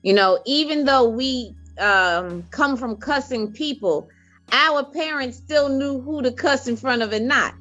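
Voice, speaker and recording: A woman in casual chat, firmly and deliberately stating her opinion. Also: high voice, fairly bright tone, dull audio, soft background music.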